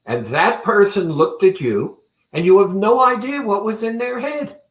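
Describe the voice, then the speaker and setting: A man who runs a weight-loss clinic, talking earnestly and deliberately to viewers in a promotional talk. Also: sits high, expressive. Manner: deliberate, earnest, speaks with pauses. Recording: roomy echo.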